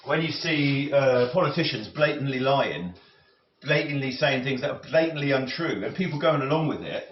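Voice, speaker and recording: A man rambling and musing as he cooks, with many halting restarts and self-corrections. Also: medium pitch, expressive. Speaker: cooking vlogger. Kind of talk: rambling talk while cooking. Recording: roomy, slightly dull audio with faint noise.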